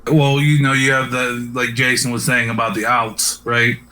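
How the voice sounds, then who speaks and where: Bright-voiced man with a Pittsburgh accent. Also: medium pitch, little pitch movement, normal speed, a little hiss or hum. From Pittsburgh, United States. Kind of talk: casual interview chat.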